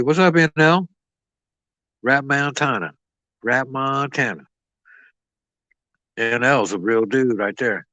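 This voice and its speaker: A man's voice: mid-range voice, sharp tone, dry recording, rough recording. A man rambling and boasting as he stands in as host of a boxing live stream, swearing freely and talking to his chat.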